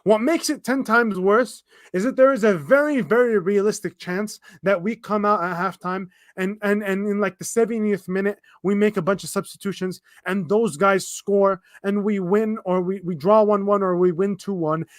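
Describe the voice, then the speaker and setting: A young man hosting a football watchalong stream, ranting in exasperation with swearing, restarts and fast bursts of complaint. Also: high-pitched, steady tone, no echo, studio quality. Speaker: fan commentator reacting to a live match. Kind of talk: livestream watchalong rant.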